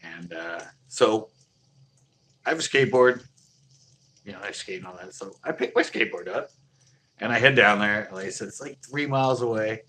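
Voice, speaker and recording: A man's voice: fairly low pitch, moderate pace, pauses often, bright, forceful tone. A man telling a casual story in laid-back slang, animatedly acting out both sides of the conversation. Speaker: boutique owner telling a story.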